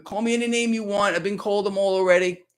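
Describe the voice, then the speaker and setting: A man with a high-pitched, smooth voice talks fast in a steady tone while hosting live solo market commentary. He rants bluntly at his viewers, calling them "people," and repeats words and restarts a lot.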